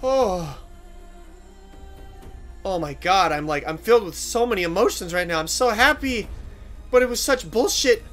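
A gamer giving excitable, swear-filled commentary while playing, with loud outbursts. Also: medium pitch, moderate pace, pauses often, soft background music. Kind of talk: gameplay commentary.

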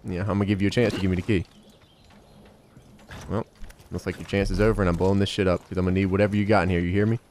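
A man giving casual, slangy gameplay commentary as a let's play host, excitable and bantering with game characters. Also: low voice, rapid-fire, pauses often, a little hiss or hum.

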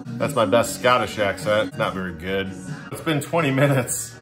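A young male vlogger chatting to his camera in a loose, joking, upbeat way. His voice sits at an ordinary mid pitch for a man, with faint music playing underneath. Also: expressive, moderate pace. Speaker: vlogger testing drinks on a breathalyzer. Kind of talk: casual on-camera vlog.

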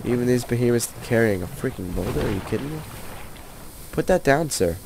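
A man's voice: mid-range voice, fast, vocal fry, noisy background. A man commentating a video game while sick, keeping his voice down and trash-talking the enemies in exasperation. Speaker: let's play commentator. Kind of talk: gameplay commentary.

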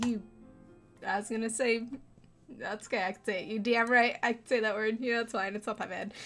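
A woman's voice: fairly high pitch, fairly even intonation, a little fast, a bit bright, faint music behind. A woman giving casual, joking commentary while playing a game, laughing often and muttering asides. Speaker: gaming streamer. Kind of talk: casual let's play commentary.

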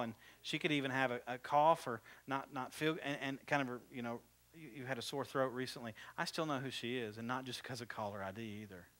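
Man, pastor, sermon, bright tense tone, questions to congregation, loud bursts and quiet asides. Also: mid-range voice. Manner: conversational, asks the congregation questions. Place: church.

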